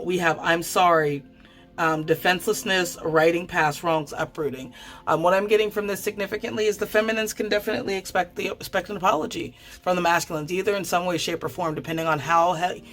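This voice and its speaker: A woman giving a casual tarot card reading, chatty and quick to swear, often stammering and restarting her sentences. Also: lowish voice. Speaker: tarot reader.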